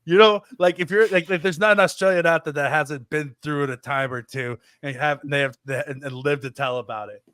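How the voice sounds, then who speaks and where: A man's voice: on the high side, fairly even intonation, brisk, few pauses, fairly bright tone, dry recording, studio quality. A man in his thirties on a podcast, telling stories in a rambling, self-deprecating way. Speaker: podcast co-host. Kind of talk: casual podcast chat.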